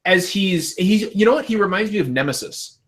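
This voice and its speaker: Excited, swearing man on a gaming podcast. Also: high voice, brisk. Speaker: podcast host. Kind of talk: casual gaming podcast chat.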